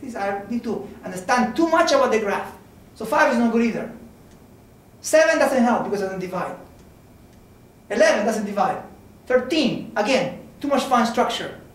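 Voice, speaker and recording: An extremely high-pitched, animated man lectures informally on mathematics at a moderate pace, frequently asking "okay?" and "right?" as he goes. The recording captures him from a distance in a very echoey lecture room.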